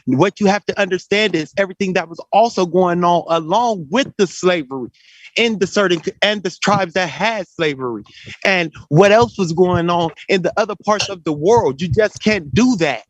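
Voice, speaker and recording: A man's voice: high-pitched, moderate pace, dry recording. A man arguing hard in a group voice chat, talking over others and repeating himself. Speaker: debate participant. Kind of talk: heated group voice chat debate. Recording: dull lo-fi voice chat audio.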